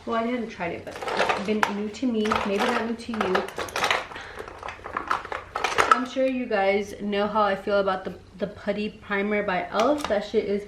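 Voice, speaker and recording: A woman's voice: mid-range voice, flat delivery, unhurried, very noisy. A woman in her twenties chatting casually in a storytime and makeup vlog, slangy and full of "like" and "um", slipping into Spanish phrases. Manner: chatty, slangy, many fillers like "like" and "um"; mixes Spanish phrases into English. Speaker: beauty vlogger. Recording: echoey room, loud household clatter.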